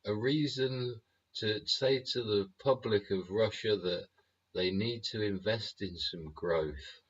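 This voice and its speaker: A man's voice: lowish voice, slow, slight background noise. A man hosting his show in a sweary, rambling rant full of tag questions and chuckles. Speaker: show host. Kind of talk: casual ranting monologue. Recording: dull lo-fi recording.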